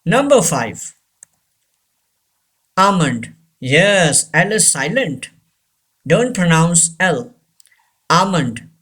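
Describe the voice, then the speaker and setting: Slow, deliberate male pronunciation teacher. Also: high voice, sing-song, a bit bright, husky. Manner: repeats each word deliberately, corrective. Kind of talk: slow instructional drilling.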